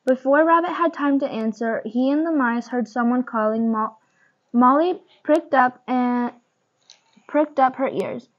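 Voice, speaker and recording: Higher-voiced young woman reading a storybook. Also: measured pace. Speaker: reader. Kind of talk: reading a picture book aloud. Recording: dull lo-fi recording.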